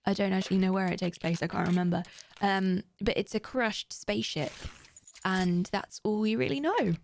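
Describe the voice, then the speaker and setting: Chatty woman streamer, gravelly edge. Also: medium pitch, moderate pace, slight background noise. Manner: chatty, talks straight to viewers. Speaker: live streamer. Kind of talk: casual gaming stream chat.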